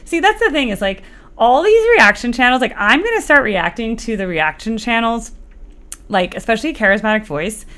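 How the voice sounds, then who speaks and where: A woman's voice: fairly high pitch, animated, moderate pace, fairly bright tone. A woman hosting a music reaction video, chatting casually and rambling with many fillers and playful asides. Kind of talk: casual chat.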